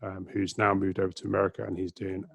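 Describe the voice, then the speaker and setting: A man's voice: low voice, monotone, fast, vocal fry, husky, no echo. A man co-hosting a podcast, talking in a hesitant, stumbling way during casual chat. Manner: hesitant, stumbling, soft-spoken. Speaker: podcast co-host.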